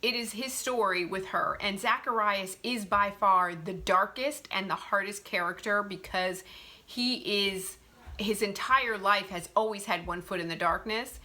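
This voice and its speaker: Bright-voiced woman chatting about books. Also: mid-range voice, a little slow. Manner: chatty, animated, frequent fillers and self-corrections. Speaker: book reviewer. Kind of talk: casual book review.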